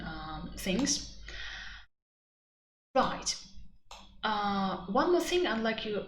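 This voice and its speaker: Chatty Russian-accented woman teacher, slow. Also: mid-range voice. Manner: chatty, animated, many fillers. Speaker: IELTS teacher. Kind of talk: live webinar teaching. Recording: echoey room, faint background noise.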